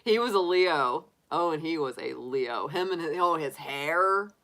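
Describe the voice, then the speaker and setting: A middle-aged woman telling stories on a livestream in a bright, clear voice, slow and unhurried. She talks casually, laughs often and stumbles through restarts and fillers. Her voice sits a little low. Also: lively intonation. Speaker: tarot reader livestream host. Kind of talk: casual chat to live viewers.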